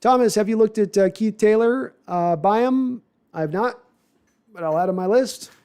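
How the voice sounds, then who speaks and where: Chatty male livestream host, mellow voice. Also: high-pitched, clear, resonant tone. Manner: chatty, reads viewer comments aloud and answers them; animated, with quick asides and self-corrections. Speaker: livestream host answering viewer chat. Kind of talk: casual live chat about football.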